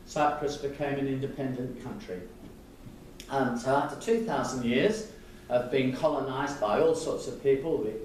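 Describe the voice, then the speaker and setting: Halting Australian man lecturing in echoey hall. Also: medium pitch, darkish tone, slight background noise. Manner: halting, many ums and restarts. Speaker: guest lecturer. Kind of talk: public lecture. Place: large echoing lecture hall. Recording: distant mic in echoey hall.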